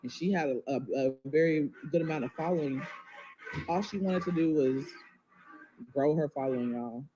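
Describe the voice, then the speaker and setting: Over lo-fi audio and a noisy background, a woman with a low voice talks at a moderate pace during a casual livestream. She's a mother rambling emotionally to her viewers, often addressing them as "y'all."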